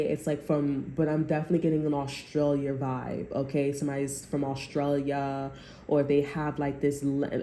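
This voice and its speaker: A woman's voice: rumbling low, dark tone, reverberant, a little hiss or hum. A woman giving a casual tarot reading, rambling and chatty, often checking in with "okay?". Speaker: tarot reader.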